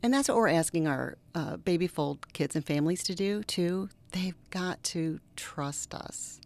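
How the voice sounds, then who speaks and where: A middle-aged woman, a reverend, speaking as an interview guest and telling personal stories earnestly, now lively, now dropping to a soft near-whisper. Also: lowish voice, measured pace. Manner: earnest, animated storyteller who drops to soft near-whispers. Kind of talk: interview conversation with personal storytelling.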